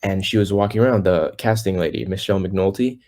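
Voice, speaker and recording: Teen boy with a low voice, rambling chat. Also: brisk, darkish tone. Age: teens. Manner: rambling, many fillers and restarts; acts out quoted people. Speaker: guest singer. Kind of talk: casual interview.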